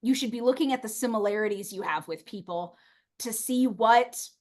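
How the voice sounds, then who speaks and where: A woman chatting casually as a podcast guest, animated and outspoken, laughing often and acting out the people she quotes. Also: on the high side, normal speed. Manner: animated, outspoken, playful swearing and put-on quoted voices.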